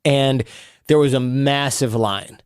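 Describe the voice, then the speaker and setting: A man guesting on a podcast, telling stories in an animated way and acting out the people he quotes. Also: mid-range voice, slow pace, clean tone, dry recording, studio quality. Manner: animated, acts out quoted people in raised voices. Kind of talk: storytelling interview talk.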